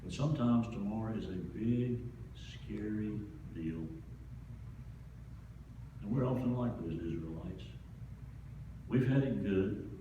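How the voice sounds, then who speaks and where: A man's voice: on the low side, slow, long pauses, background noise. A man preaching a sermon as pastor, in a folksy, conversational way with homespun asides. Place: church sanctuary. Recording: distant, echoey church sanctuary, dull sound.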